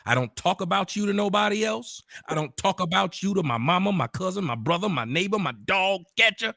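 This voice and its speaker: Man, confrontational profane ranter, wide swooping pitch, breaks into shouts. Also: animated, brisk, creaky, no room sound, studio quality. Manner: bursts into shouting. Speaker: online commentator. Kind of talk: angry direct-address rant.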